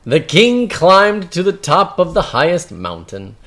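A woman's voice: lowish voice, big pitch swings, measured pace. A woman reading a children's picture book aloud, acting out the characters and sound effects. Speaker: story reader.

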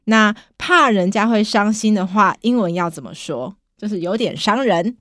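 A woman hosts a bilingual English lesson podcast, mid-pitched and chatty. She encourages listeners and cues her guest, recorded dry and close on a studio mic. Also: animated, normal speed, a bit bright, dry recording. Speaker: podcast host.

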